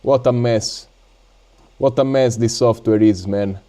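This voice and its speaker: A man's voice: mid-range voice, fairly even intonation, mellow. Italian-accented man chatting on a livestream. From Italy. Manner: halting, with many fillers and laughs. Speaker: drone hobby livestreamer. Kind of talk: casual live-stream chat.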